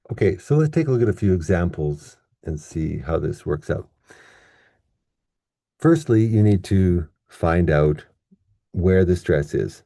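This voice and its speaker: A man teaching English pronunciation in a casual online lesson, chatty and relaxed, drawing words out slowly to demonstrate them. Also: low voice, no echo, clean studio sound.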